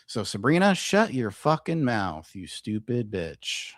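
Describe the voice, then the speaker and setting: A man's voice: medium pitch, sing-song, unhurried, dry recording, clean studio sound. A man hosting a livestream commentary show, ranting profanely and combatively at viewers in his chat.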